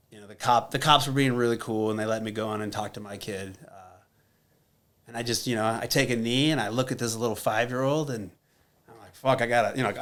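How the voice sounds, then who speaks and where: A man in his thirties, guesting on a podcast, bluntly and openly relates a personal story, peppered with swearing and filler words, in a slightly bright, medium-pitched voice.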